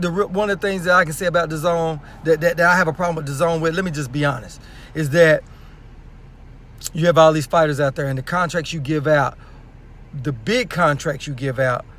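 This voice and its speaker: A man's voice: on the high side, fairly bright tone, slight background noise. A man with speech giving a blunt, profane boxing opinion rant that is full of repeated rhetorical questions. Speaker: sports commentary vlogger.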